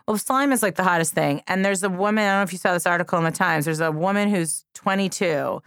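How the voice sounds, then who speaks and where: A woman hosting a podcast in casual chat, quick to react and laugh with her guest. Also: on the low side, fairly bright tone, clear, resonant tone, no room sound, clean studio sound. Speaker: podcast host.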